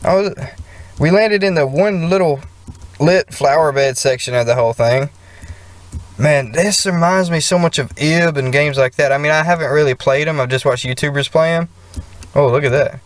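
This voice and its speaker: A man's voice: fairly high pitch, moderate pace, dry recording. A man playing a video game and chatting casually as he reacts to what happens on screen. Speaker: let's play gamer. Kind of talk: casual gameplay commentary. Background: game music.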